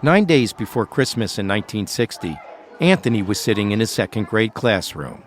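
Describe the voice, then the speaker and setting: Male podcast host reading documentary narration, animated melodic delivery. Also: fairly low pitch, a little hiss or hum. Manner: measured, storytelling.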